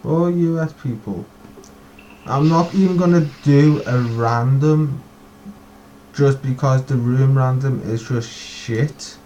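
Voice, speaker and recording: A man's voice: medium pitch, slow, dark tone, slight background noise, low-quality recording. A man hosting a casual stream chat, talking in a rambling, profane way. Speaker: host.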